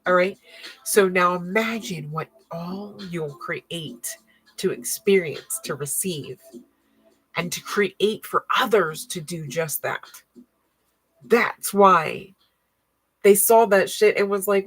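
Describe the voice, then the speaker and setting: A woman with a somewhat low voice talks through a tarot reading in a loose, casual way. She is blunt and slangy, swears freely, and laughs between cards. Faint music plays under her voice. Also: slow pace, fairly bright tone, husky, low-quality recording. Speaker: tarot card reader.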